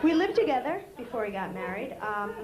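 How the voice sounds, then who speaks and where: A woman's voice: a little high, very animated, fairly quick. A woman performing a stand-up comedy routine, bubbly and self-mocking, laughing through her own lines. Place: comedy club stage with a laughing audience. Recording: loud crowd and noise over the voice.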